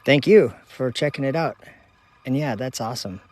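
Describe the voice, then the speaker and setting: Outdoors after dark, a livestream host from Minnesota talks to his phone at a moderate pace. His pitch is an ordinary middle register for a man, and he reads out viewer comments in a friendly, relaxed manner, laughing often.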